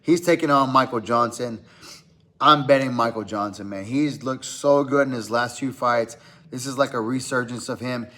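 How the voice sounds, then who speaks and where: Male podcast host, casual fight-preview chat, relaxed and filler-heavy delivery. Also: medium pitch, normal speed. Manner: loose and conversational, lots of "man" and "uh". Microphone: podcast mic.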